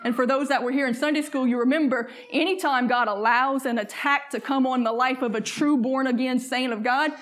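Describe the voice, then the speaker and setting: A woman preaching a fervent sermon in church, slowing down to read scripture and calling on the congregation to answer back. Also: high voice, fairly even intonation.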